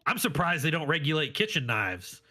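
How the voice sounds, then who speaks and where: A man's voice: a little high, big pitch swings, moderate pace, over a noisy crowd. A man, co-hosting a casual podcast and telling chatty, playful stories. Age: 30s. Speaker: podcast co-host.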